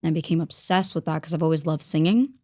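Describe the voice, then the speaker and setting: A woman's voice: sits low, quick pace, dark tone, dry recording, studio quality. A young adult woman, an actress guest, chatting eagerly with many fillers in a casual podcast talk.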